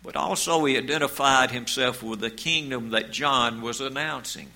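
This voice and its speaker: A man preaching a sermon as pastor, in a slow, measured way, reading scripture aloud. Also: medium pitch, bright, forceful tone, low-quality recording.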